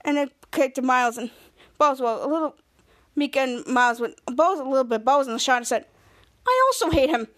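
A woman with a high voice hosts a casual podcast recap, walking through scene after scene. She rambles, stumbles over her words, and loops back on herself as she goes. The delivery is loose and chatty, not scripted. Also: steady tone, a little fast, a bit bright. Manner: rambling, repeats itself often, restarts sentences. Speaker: podcast host.

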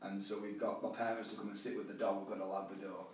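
A man's voice: fairly low pitch, fast talker, slight background noise. A man with a Yorkshire accent, a coach speaking as a guest in a casual interview, telling stories with frequent restarts. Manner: lively storyteller with frequent restarts. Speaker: guest, life and business coach. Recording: roomy and distant mic.

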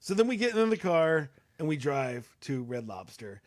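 A man's voice: fairly high pitch, very animated, moderate pace, a little mellow, no echo, studio quality. Rambling young man telling a story. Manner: rambling, many fillers and restarts. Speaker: co-host. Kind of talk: casual storytelling.

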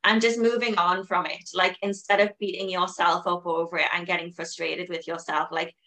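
A woman with a bright, clear voice hosts a laid-back conversation. She rambles in long, looping sentences full of filler words. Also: on the low side, little pitch movement, moderate pace. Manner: rambling, heavy use of "like" and "you know". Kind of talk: casual chat.

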